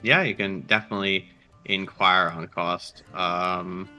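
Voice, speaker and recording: A man's voice: low voice, fairly even intonation, unhurried, bright, forceful tone, soft background music. A man running a tabletop game as dungeon master, casual and dry, often restarting his sentences.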